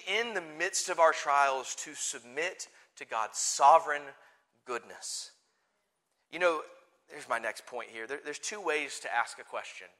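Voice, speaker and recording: A man preaching a sermon, moving from quiet conversational asides to loud, forceful declarations. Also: fairly high pitch. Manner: animated, swings from soft asides to forceful declarations. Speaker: pastor.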